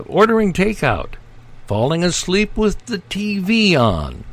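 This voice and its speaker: Slow-talking wry male host. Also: mid-range voice. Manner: wry joking asides, frequent uh fillers. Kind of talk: casual news-roundup commentary.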